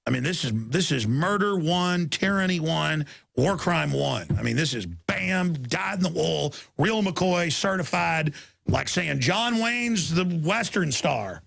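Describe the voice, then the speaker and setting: A man's voice: on the high side, lively intonation, measured pace, gravelly, a bit bright, no room sound. A tired man hosting a talk show, rambling and emphatic, repeating himself and cutting himself off. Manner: emphatic, repetitive, self-interrupting. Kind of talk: rambling political commentary.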